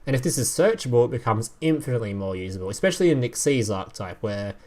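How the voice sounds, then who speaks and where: A man chatting on a live stream while reviewing game cards. His pitch swings up and down all the time, and he reads card text between casual, profane asides. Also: fast talker. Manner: animated, swearing, laughing, reading card text aloud.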